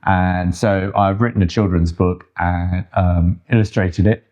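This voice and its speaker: A man's voice: low-pitched, fairly even intonation, a little slow, a little mellow. An older man, co-host of a home channel, chatting in a rambling, self-deprecating way. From England. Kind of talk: casual chat.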